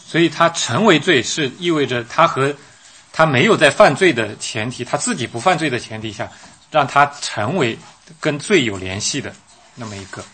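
A man's voice: mid-range voice, animated, moderate pace, fairly bright tone, breathy edge. A man interpreting a sermon live, hesitant, with frequent fillers and restarts.

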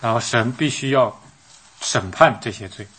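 A man's voice: mid-range voice, moderate pace, a bit bright, slightly rough. A man interpreting a sermon live, hesitant, with frequent fillers and restarts.

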